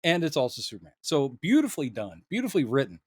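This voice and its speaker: A man co-hosting a casual film discussion podcast, animated and quick to act out lines he quotes, laughing often. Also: on the high side, breathy edge, no room sound, clean studio sound. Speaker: podcast co-host.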